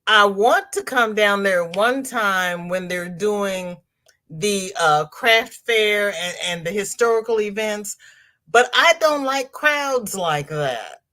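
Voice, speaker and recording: A woman chats through a relaxed crafting livestream. She talks slowly and rambles, reading comments aloud and laughing easily along the way. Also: medium pitch. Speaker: crochet channel host reading live chat. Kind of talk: casual livestream chat.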